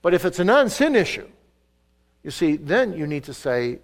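An older man preaching a sermon in a church, pressing some words hard and dropping others to a hush. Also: a little high, expressive, normal speed. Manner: emphatic, swings between loud stresses and soft asides. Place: church sanctuary.

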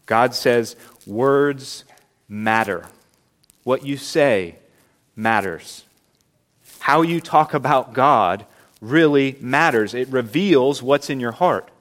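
A man preaching a sermon as pastor, earnest and emphatic, slowing down to stress key words. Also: medium pitch, fairly bright tone.

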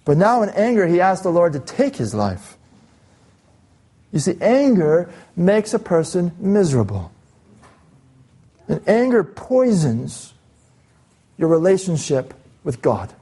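High-voiced man preaching a sermon. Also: darkish tone. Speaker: pastor. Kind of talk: expository sermon reading scripture aloud.

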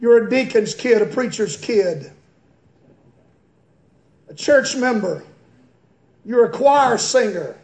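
A male pastor preaching a fiery sermon in a church, swinging from quiet, slow reading to high, shouted preaching. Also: lively intonation, creaky. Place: church sanctuary. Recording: echoey church room.

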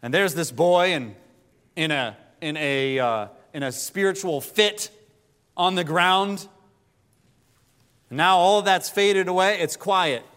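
A man preaching a sermon, rising to impassioned pleas and dropping to quiet, low emphasis. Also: slow pace, long pauses, clean tone. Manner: rises to impassioned pleading, then drops low. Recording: long hall reverb.

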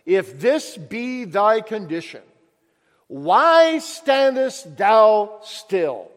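A man's voice: very high voice, brisk, voice pushed up. A male preacher voicing an earnest male minister who urges a seeker in solemn, old-fashioned speech. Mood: urgent. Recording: long echo of a large hall.

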